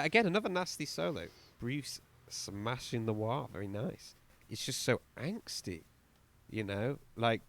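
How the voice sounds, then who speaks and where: A man co-hosts a music podcast, his medium-pitched voice recorded with no room sound. He chats casually and sarcastically about an album, mocking its lyrics in exaggerated voices.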